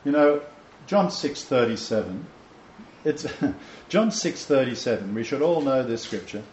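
Man, informal preacher, lively emphatic delivery, faint room ambience, lo-fi roomy recording. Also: mid-range voice, a little slow, slight background noise. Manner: animated, emphatic scripture quoting with restarts. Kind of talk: informal home-group sermon.

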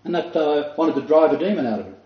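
A man's voice: fairly high pitch, lively intonation, racing. An older man preaching a sermon, earnest and emphatic, with asides to his listeners. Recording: dull echoey room recording.

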